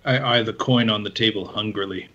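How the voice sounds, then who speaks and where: A man playing a tabletop game, stating what his character does and says in a plain, steady way. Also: lowish voice, a little fast. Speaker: player. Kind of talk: tabletop role-play. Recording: dull, muffled audio.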